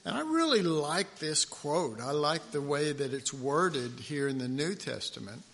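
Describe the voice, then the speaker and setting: Slow, bright-voiced man preaching. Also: on the high side, expressive, vocal fry. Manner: halting, many fillers and restarts, reads scripture aloud with emphasis. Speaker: pastor. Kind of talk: conversational sermon.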